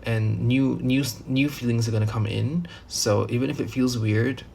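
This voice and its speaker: The tarot reader's intonation stays fairly even as he moves at a normal pace, his tone darkish and his ordinary-pitched voice marked by gravelly fry. It's a rambling, casual reading with fillers, restarts and the odd curse, over a faint background hiss.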